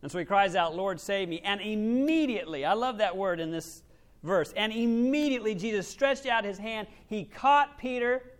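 A male pastor with a notably high-pitched voice delivers a sermon. He talks animatedly, swinging between loud, emphatic lines and hushed, near-whispered asides. He slips into quoted voices to make his points. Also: moderate pace.

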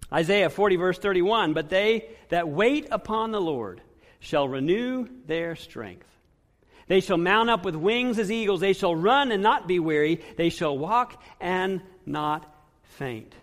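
A male pastor preaching a sermon and reading scripture aloud, swinging between loud emphasis and hushed, drawn-out phrase endings with dramatic pauses. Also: high-pitched. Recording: long reverb of a large hall.

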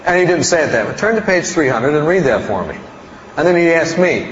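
A man's voice: on the high side, expressive, brisk. Folksy preacher man in an echoing hall. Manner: folksy, rambling, self-mocking humor. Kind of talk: storytelling sermon. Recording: roomy hall, dull sound, faint noise.

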